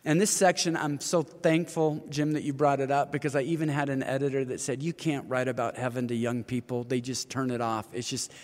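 A man's voice: mid-range voice, little pitch movement, fairly quick, hardly any pauses, long reverb tail. A man in his fifties, an author and ministry leader, talking earnestly in an interview and telling stories. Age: 50s. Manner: earnest storyteller, acts out quoted voices. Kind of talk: interview conversation.

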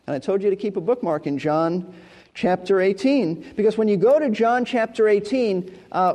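A man's voice: sits high, darkish tone. A male pastor preaching an expository sermon, emphatic and repeating key words for stress. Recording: long hall reverb.

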